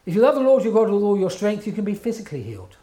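A man's voice: sits high, big pitch swings, very fast, mellow. A man preaching a sermon in an earnest, emphatic way, often checking in with his listeners.

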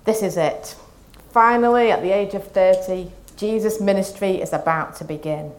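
A woman preaching a Lent sermon, reading scripture and reflecting in a calm, measured way. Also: medium pitch.

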